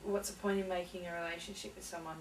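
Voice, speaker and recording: A young adult woman with a slightly low voice talks hesitantly, stopping and restarting often. She sounds a little far from the mic in an echoey room, with faint hiss underneath. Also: level tone, quick pace. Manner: hesitant, full of fillers and restarts. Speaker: interviewee. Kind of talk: casual interview.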